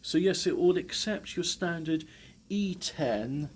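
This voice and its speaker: A man's voice: fairly high pitch, expressive, slow pace, slight background noise. Rambling man, wry asides. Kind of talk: casual chat.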